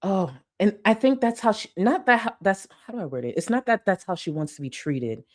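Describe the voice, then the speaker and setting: Talking back to a livestream clip, this commentary YouTuber swears freely and keeps her reactions blunt and sarcastic. She's a young adult woman whose medium-pitched voice is expressive and fairly quick.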